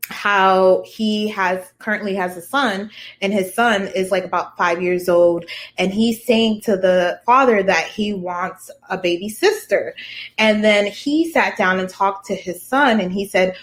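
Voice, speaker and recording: A woman's voice: mid-range voice, measured pace. A woman co-hosting a casual talk podcast, speaking animatedly and turning to ask listeners questions. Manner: animated, talks to listeners directly. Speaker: podcast co-host. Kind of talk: casual chat.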